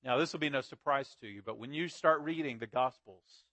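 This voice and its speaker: A man's voice: medium pitch, fairly quick, fairly bright tone, no echo. A man preaching a sermon, reading scripture aloud and building to emphatic peaks as he explains it. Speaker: pastor.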